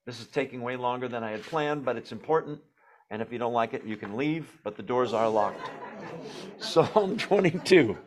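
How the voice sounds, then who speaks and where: A man leading a Bible study, teaching in a relaxed conversational way, asking the class questions and reading scripture aloud. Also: medium pitch, normal speed, a crowd in the background.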